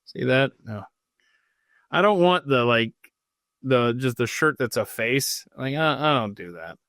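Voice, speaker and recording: A man's voice: medium pitch, lively intonation, unhurried, fairly bright tone, no echo. Guy hosting a podcast, rambly and self-deprecating, dry close sound. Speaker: podcast host reading live comments. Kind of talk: casual rambling livestream chat.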